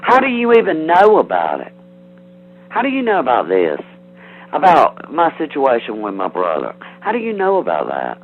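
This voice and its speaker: A man's voice: fairly high pitch, huge pitch swings, moderate pace, faint music behind. Angry man on a phone line. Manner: defensive, threatening, rambling with restarts. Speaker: prank call target. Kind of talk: heated phone call. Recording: tinny phone line, faint hiss.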